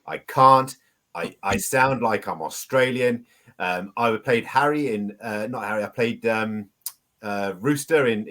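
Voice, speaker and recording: A man from the UK co-hosting a casual chat, animated and quick to laugh at himself. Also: on the low side. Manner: animated, laughing, self-mocking. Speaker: co-host. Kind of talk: casual video-call chat.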